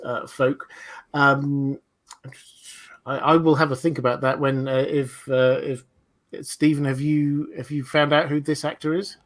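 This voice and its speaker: Rambling male livestream host. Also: mid-range voice. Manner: rambling, digressive, many fillers and restarts. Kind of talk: livestream discussion.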